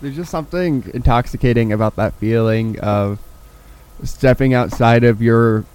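A man's voice: medium pitch, normal speed, darkish tone, smooth, rough recording. A man hosting a podcast, talking in an earnest, reflective way in casual chat. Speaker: podcast host.

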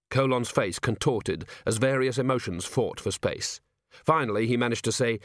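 A man narrating an audiobook novel in an expressive storytelling manner. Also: medium pitch, normal speed, no room sound, studio quality. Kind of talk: scripted narration.

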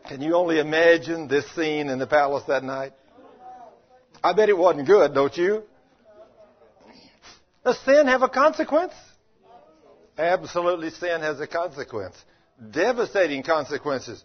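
A man's voice: on the high side, lively intonation, a little slow, long pauses, muffled recording. A man preaching a sermon in a folksy, conversational way, often asking the congregation questions.

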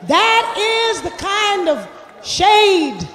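A man preaching a sermon, shouting and joking with the congregation, then dropping low and quiet, in a church sanctuary. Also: very animated, drawn-out words, echoey room, crowd noise, noisy background. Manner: joking, laughing asides in casual church slang.

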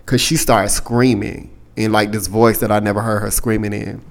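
A young adult man hosting a podcast, telling a personal story in a candid, profane, casual way and getting animated when he quotes other people. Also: on the low side, moderate pace, creaky. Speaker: podcast host.

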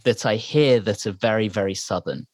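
A man's voice: lowish voice, normal speed, a little mellow, no room sound, clean studio sound. A man from Britain co-hosting a podcast, chatting casually in a thoughtful, digressive way. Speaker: podcast co-host and editor. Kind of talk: casual chat.

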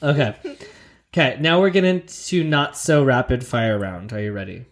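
A woman's voice: rumbling low, normal speed. A woman hosting a podcast interview, playful and teasing, asking casual questions. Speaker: podcast host. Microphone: headphones.

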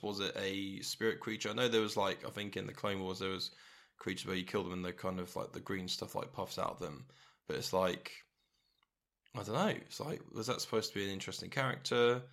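A man co-hosts a casual podcast chat, thinking out loud in a hesitant, questioning way. He speaks at a moderate pace in a lowish, slightly bright voice with fairly even intonation.

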